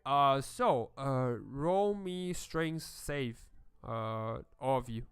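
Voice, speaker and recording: A man's voice: mid-range voice, animated, drawn-out words, a bit bright, smooth, no room sound. A man narrating a tabletop game as game master, hesitant with many fillers.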